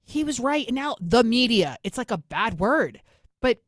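A woman's voice: on the high side, very animated, no room sound, studio quality. A middle-aged woman with a New York accent, delivering a fiery, sarcastic political monologue as host. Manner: fiery, sarcastic, rapid-fire.

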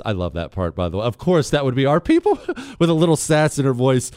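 A man's voice: medium pitch, huge pitch swings, a little fast, few pauses, darkish tone, dry recording, clean studio sound. A man hosting a talk radio show, joking and teasing while he reads listener emails aloud.

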